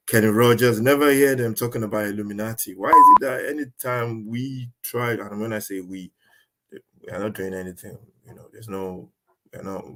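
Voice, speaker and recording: A man's voice: lowish voice, fairly bright tone. A man hosting a reaction channel, commenting casually on a clip in a rambling, hesitant way full of fillers.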